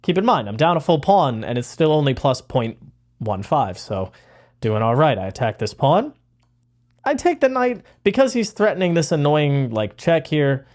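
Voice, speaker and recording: A young man giving casual, rambling commentary on his own chess game, excitable and full of fillers. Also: fairly high pitch, normal speed. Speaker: chess content creator.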